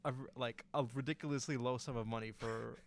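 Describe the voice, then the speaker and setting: A man's voice: medium pitch, fairly even intonation, fast talker. A young man casually telling a story on a podcast, rambling with lots of fillers and restarts. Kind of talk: casual chat.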